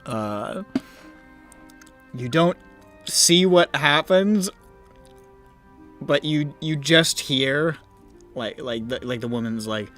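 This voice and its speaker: A man running a tabletop game as game master, narrating haltingly with many fillers and frequent laughter. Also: mid-range voice, fairly bright tone, soft background music.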